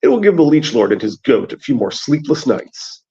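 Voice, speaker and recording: A man's voice: mid-range voice, very animated, normal speed, dark tone. A man reading a stern commanding lord. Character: stern commanding male lord with flaming sword. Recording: dull lo-fi sound.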